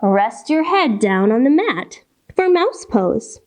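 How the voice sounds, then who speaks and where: A woman guides children through yoga poses at an unhurried pace. Her voice sits high and swoops up and down with plenty of life. She talks in a playful sing-song and makes animal sounds along the way. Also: big pitch swings. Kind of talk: kids' yoga and story warm-up lesson.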